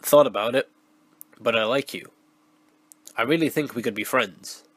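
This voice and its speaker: A hoarse man with a cold voicing a dirty, one-eyed male monster who lurks in a closet, speaking in a raspy, flat whisper. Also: mid-range voice, moderate pace, no room sound, close to an everyday voice, rough recording. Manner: blunt, flat, menacing.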